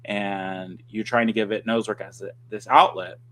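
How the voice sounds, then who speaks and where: A man speaking as a guest dog trainer on a livestream, telling stories in an animated, conversational way with quick restarts. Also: lowish voice. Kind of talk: casual conversation. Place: livestream video call.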